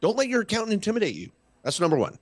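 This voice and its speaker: Animated, emphatic middle-aged man. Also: high-pitched, rapid-fire, no echo. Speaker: small business tax lawyer guest. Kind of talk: casual podcast chat.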